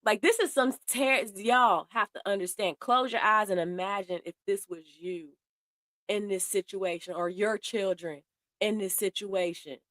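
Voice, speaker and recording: A woman's voice: medium pitch, a little slow, a bit bright, dry recording, studio quality. A woman doing heated commentary, blunt and profane, speaking straight to her viewers in a way. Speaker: commentary host. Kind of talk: casual commentary.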